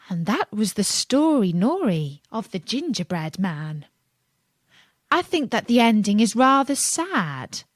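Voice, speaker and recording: Slow, expressive woman reading a storybook. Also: medium pitch, no room sound, clean studio sound. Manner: expressive, gentle, measured.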